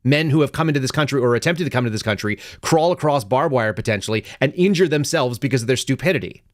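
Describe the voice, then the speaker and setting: A middle-aged man runs his live political commentary show with a sarcastic, animated edge. His voice sits at a mid pitch and sinks into a low mutter before jumping up into loud outbursts. The sound is close and dry, with no room echo. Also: fast talker. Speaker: podcast host.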